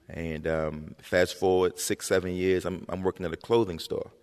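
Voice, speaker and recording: A man in his thirties spins stories in an animated, slangy way before an audience. His voice is very deep with a gravelly edge. It carries the long reverb of a school auditorium. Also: moderate pace, few pauses. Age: 30s. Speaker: author and guest. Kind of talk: onstage storytelling conversation. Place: high school auditorium stage.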